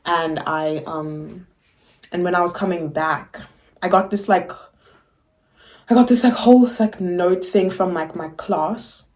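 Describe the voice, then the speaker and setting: A woman's voice: on the low side, fairly even intonation, unhurried, darkish tone. A young woman from South Africa, co-hosting a podcast, talking in a rambling casual way with many fillers and restarts. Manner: rambling, full of fillers and restarts, laughs often. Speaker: podcast co-host. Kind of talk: casual chat.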